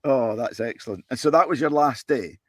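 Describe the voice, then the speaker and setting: A man's voice: mid-range voice, brisk, dry recording, clean studio sound. A man hosting a podcast, asking short questions in casual chat. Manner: brief prompts and laughter. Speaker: podcast host.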